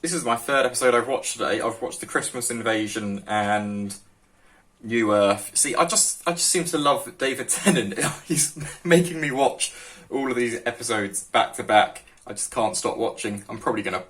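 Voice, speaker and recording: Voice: mid-range voice, moderate pace, fairly bright tone, far from the mic. A reaction host musing aloud in casual, rambling commentary.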